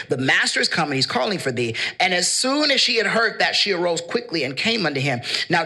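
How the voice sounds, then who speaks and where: Bright-voiced preacher man. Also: high voice, husky. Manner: paraphrases verses casually, calls for congregation responses. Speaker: pastor. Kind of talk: sermon with scripture reading.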